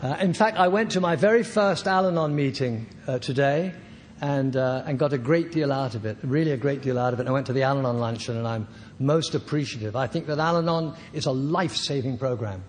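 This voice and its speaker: An older man at a recovery meeting, telling his personal story in a halting, self-deprecating way with soft laughs. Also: mid-range voice, in a large hall, a little hiss or hum.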